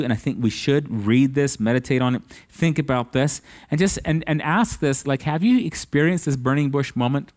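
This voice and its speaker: A man's voice: medium pitch, a little mellow. Earnest male pastor preaching. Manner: earnest, with restarts and rising emphasis on questions. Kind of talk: sermon. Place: church service.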